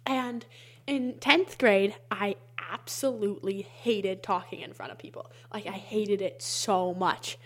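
A young adult woman telling a story in casual chat, with many fillers and frequent laughs. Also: mid-range voice. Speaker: interviewee.

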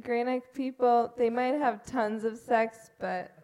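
A woman DJ talks loosely between songs, her words slow and a little slurred. She giggles often, and her voice sits slightly high. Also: steady tone, crowd noise. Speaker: radio DJ. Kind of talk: casual radio chat.

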